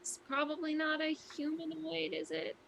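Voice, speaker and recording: A woman's voice: sits high, level tone, normal speed, vocal fry, fairly bright tone, a little hiss or hum. A woman playing a tabletop game, chatting playfully with the game master. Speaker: player. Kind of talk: casual tabletop play.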